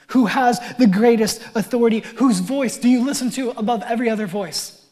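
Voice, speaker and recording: A male pastor preaching a conversational sermon with wry asides, his voice swelling loud and then dropping nearly to a whisper. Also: extremely high pitch, fairly quick.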